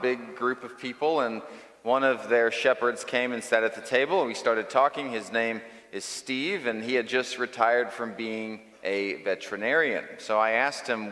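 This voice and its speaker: A man's voice: mid-range voice, sharp tone, in a large hall. A man preaching a sermon as pastor, telling a story in short, emphatic phrases.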